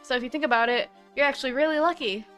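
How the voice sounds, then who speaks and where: A woman's voice: high voice, racing, fairly bright tone, soft background music, pitched above the performer's own voice. A woman voicing a bubbly young female circus animal tamer in a sing-song, childlike, gushing manner. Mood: chirpy.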